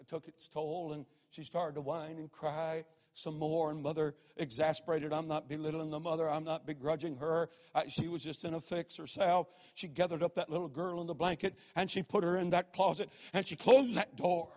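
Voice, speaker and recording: A man, preaching a sermon and telling stories dramatically, dropping to a hush and then rising to a shout. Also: a little high. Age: 60s. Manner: dramatic, swings from hushed to shouting. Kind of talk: sermon with storytelling.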